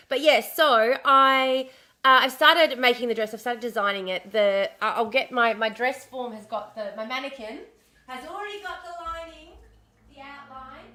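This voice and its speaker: A woman hosting a casual livestream, chatty and bubbly, a little hoarse as her voice comes back after being sick. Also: sits high, pushed and bright. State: recovering from lost voice, slightly hoarse. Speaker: livestream host.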